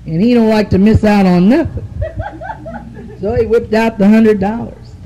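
A woman's voice: mid-range voice, fairly even intonation, moderate pace, mellow, a little hiss or hum, poor audio. A woman comedian telling bawdy stand-up stories in a brassy way, laughing through her punchlines.

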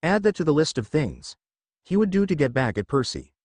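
A man's voice: a little high, big pitch swings, brisk, darkish tone, no echo. Man narrating a fan fiction story.

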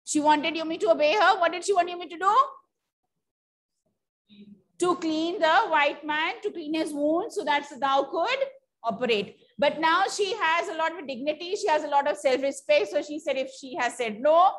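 A woman's voice: high-pitched, normal speed. A woman with an Indian accent teaching an English lesson. She reads a story aloud and explains it, asking the class questions and then answering them herself.

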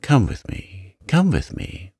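A man's voice: medium pitch, huge pitch swings, slow, gravelly, mellow, slightly rough, dry recording, clean studio sound, pitched above the performer's own voice, full character voice. A man voicing a young, frightened upper-class mother, breathless and pleading. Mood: frantic.

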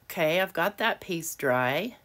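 Sitting at her home desk, a woman hosts a casual crafting tutorial, speaking a little slowly with a fairly low, fairly bright voice and lively intonation. The craft video host keeps things chatty and self-deprecating, frequently laughing at herself.

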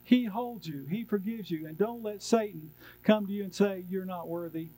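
A man with a high-pitched voice preaches to his church congregation. He presses each point with emphatic, repeated refrains, rising and falling as he builds. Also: normal speed, warm tone, slight background noise, rough recording. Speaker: pastor. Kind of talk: sermon.

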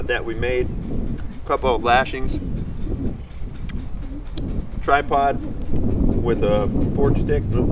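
A middle-aged man hosts a backyard how-to vlog and explains the steps in a plain, easygoing voice at a middle pitch. He is recorded outdoors by a camera mic some distance away. Clear wind noise sits behind his voice. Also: dull audio. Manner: relaxed, plain-spoken instructional talk. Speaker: outdoor skills channel host.

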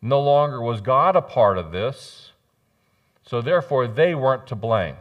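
A man preaching a sermon in a church, joking and swinging between loud bursts and quiet asides. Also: mid-range voice, a little slow, muffled recording. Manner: animated, jokey preaching with sudden loud rises and soft drops. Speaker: pastor. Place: church sanctuary.

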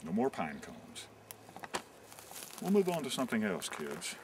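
Deadpan man as mock nature guide. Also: fairly low pitch, measured pace, noisy background. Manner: mock-serious, dry jokey guide patter. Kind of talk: deadpan comic narration. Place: outdoors on a wooded hiking trail.

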